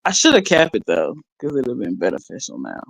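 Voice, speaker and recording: A woman's voice: very deep voice, huge pitch swings, brisk, creaky, no echo, low-quality recording. A woman chatting casually on a livestream, rambling and laughing as she reads her viewers' chat aloud.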